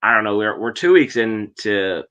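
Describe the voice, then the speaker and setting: A man co-hosting a relaxed anime chat with a bright, forceful tone. He thinks aloud in halting bursts and questions his co-hosts. His voice sits a bit low. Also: clear, resonant tone, muffled recording. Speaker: podcast co-host. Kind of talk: casual chat.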